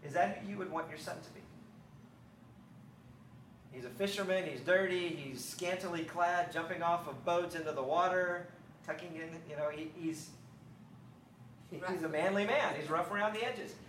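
A middle-aged man giving a sermon, telling stories lively and then turning quiet and reflective. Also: high voice, moderate pace, pauses often, a little hiss or hum. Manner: animated storytelling, acting out scripture dialogue. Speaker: speaker on faith and parenting. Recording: roomy echo, mic at a distance.

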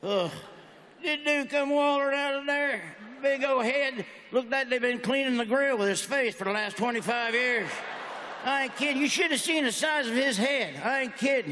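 A man's voice: very high-pitched, pushed and bright, slight background noise. A man performing a stand-up comedy routine, telling folksy stories with brash, punchy one-liners. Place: stage in a large venue. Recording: echoey hall with faint ambience.

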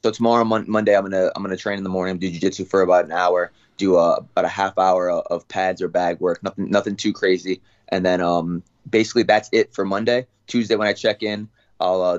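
A young adult man, a fighter guest, talking through his training routine in a relaxed, casual way. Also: deep voice, muffled recording. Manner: relaxed, talks fast with fillers and restarts. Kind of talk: casual interview.

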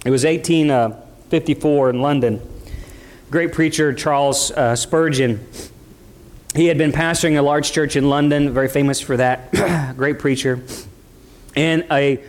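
High-voiced impassioned male preacher. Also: a little slow. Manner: impassioned, swings between quiet lows and rising emphatic peaks; conversational asides. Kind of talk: sermon.

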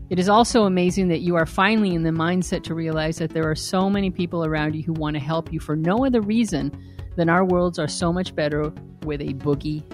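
A woman co-hosting a podcast, reading listener messages aloud in a wry way. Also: fairly low pitch. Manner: laughing, wry reader. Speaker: podcast co-host.

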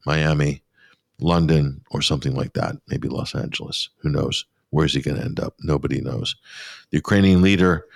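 Male radio host, very low voice, dry studio sound, sarcastic and scornful commentary. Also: dry recording. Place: pop-up studio.

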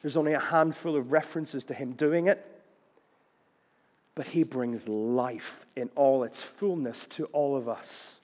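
A man preaching a sermon, swinging between loud declarations and hushed lines, with playful rhymes and punchy questions. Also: mid-range voice, a little slow, big-room sound.

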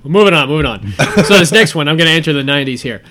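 Bright-voiced man chatting animatedly. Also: on the high side, racing. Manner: animated retelling with quoted movie lines. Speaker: podcast host. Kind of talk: casual chat about movies.

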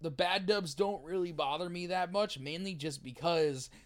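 A man's voice: high-pitched, moderate pace. A young man co-hosting a podcast, chatting casually in an earnest, hedging way. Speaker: podcast co-host. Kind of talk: casual chat.

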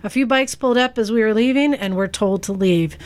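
A woman's voice: fairly high pitch, brisk. A woman co-hosting a casual podcast, wry and playful as she chats. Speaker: podcast co-host.

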